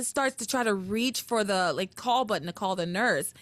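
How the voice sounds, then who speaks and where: A woman's voice: mid-range voice, animated, normal speed, a bit bright, dry recording. A woman co-hosting a podcast, recapping a soap opera in casual chat and acting out quoted lines in exaggerated voices. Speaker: podcast co-host.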